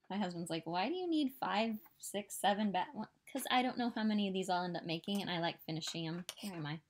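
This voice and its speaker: A woman's voice: mid-range voice, fairly bright tone. A woman in her thirties with a Midwestern American accent talks to the camera from home. Her manner is chatty and upbeat, wandering off on cheerful asides before coming back to the point. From southern Illinois, US. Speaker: stitching vlogger. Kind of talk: casual chat.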